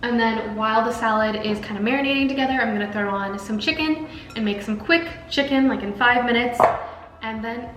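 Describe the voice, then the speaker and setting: A woman's voice: fairly high pitch, a little fast, reverberant, low-quality recording. Chatty young woman food vlogger. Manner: chatty, upbeat, lots of fillers like "like". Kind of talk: casual vlog narration while cooking and eating.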